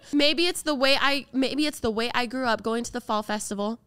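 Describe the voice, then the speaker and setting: Young woman podcast cohost, bright smooth voice, acts out the quotes, dry close sound. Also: a little high, a little fast, no room sound. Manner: animated storytelling, acts out quotes. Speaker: podcast co-host. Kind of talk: casual chat.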